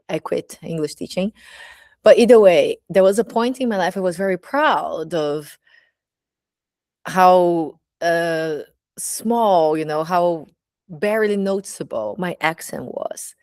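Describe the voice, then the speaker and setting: A woman's voice: on the low side, a little mellow, dry recording, studio quality. A woman with a Brazilian accent, a burlesque teacher speaking candidly in a casual personal monologue, full of "you know, like" fillers.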